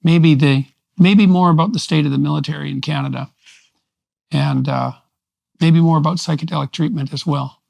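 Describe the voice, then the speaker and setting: An older man, a podcast host, speaking in a measured, formal way as he wraps up an interview. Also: fairly high pitch, fairly even intonation, creaky, a little mellow, no room sound. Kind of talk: interview wrap-up.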